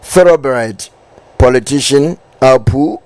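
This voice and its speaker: Slow-talking Ghanaian host. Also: male voice, mid-range voice. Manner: reads comments aloud with asides. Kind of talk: talk show hosting, reading viewer comments. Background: music.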